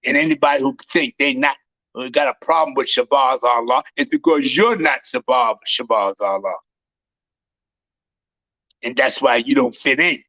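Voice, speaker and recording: A man preaching with fierce emphasis, repeating himself and bursting into shouts, on a dull lo-fi recording. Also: mid-range voice, very animated, normal speed, creaky, dry recording. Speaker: self-styled high priest preacher. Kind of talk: fiery street-style preaching.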